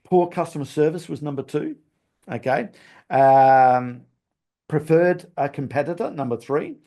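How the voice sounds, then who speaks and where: This podcast host's voice is fairly high, a little slow, and mellow. He goes over a recap in a chatty, coaching style, ending points with "okay?" and laughing when he trips over his words.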